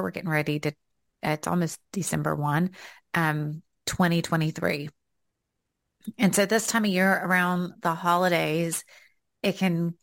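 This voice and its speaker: A woman's voice: on the low side, gravelly, dry recording, clean studio sound. A middle-aged woman with a Southern US accent, co-hosting a casual faith podcast in a chatty, rambling way. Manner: chatty, rambling, with fillers and laughs. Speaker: podcast co-host.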